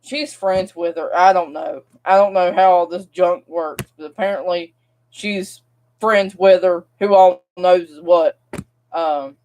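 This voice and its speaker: A woman's voice: fairly low pitch, fairly even intonation, takes it slowly, darkish tone. A young woman, venting to camera in a casual, rambling vlog rant. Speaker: vlogger.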